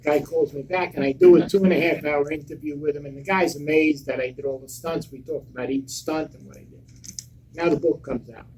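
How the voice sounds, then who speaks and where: An older man telling stories on a live convention panel in a blunt, profane, animated way. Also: fairly high pitch, brisk, a little hiss or hum, low-quality recording. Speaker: panel guest.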